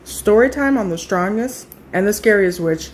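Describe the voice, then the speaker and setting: A woman in her thirties telling a casual storytime, chatty and animated, acting out what other people said. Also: mid-range voice, normal speed, a little hiss or hum. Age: 30s.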